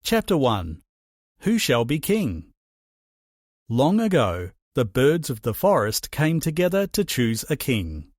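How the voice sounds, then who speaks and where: A man narrating a children's storybook with an expressive reading. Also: medium pitch, slow pace, no room sound, clean studio sound.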